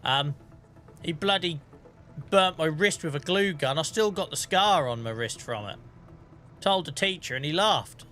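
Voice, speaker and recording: A man in his thirties streams a farming game, his voice a little high, sharp, and expressive at a measured pace. It's casual gameplay chat, full of storytelling, swearing, and laughter.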